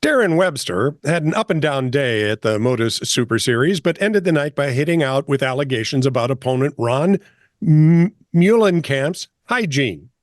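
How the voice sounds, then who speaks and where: A man's voice: medium pitch, lively intonation, normal speed, dry recording, clean studio sound. A man co-hosting a comedy news podcast, reading headlines in a chatty way and laughing often. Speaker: co-host. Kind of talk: casual news banter.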